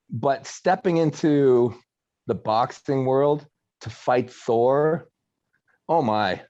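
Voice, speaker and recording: A middle-aged man speaking in an everyday mid-range voice, relaxed and reflective as he chats as a podcast guest. He often slows down to weigh his words. The audio is a little dull and lo-fi. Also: mid-range voice. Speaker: guest, arm wrestler. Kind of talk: casual conversation.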